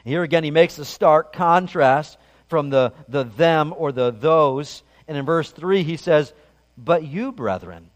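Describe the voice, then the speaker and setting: Middle-aged male pastor, slightly high voice, conversational sermon, long hall reverb. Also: measured pace, lo-fi sound. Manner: conversational storytelling preacher with frequent restarts.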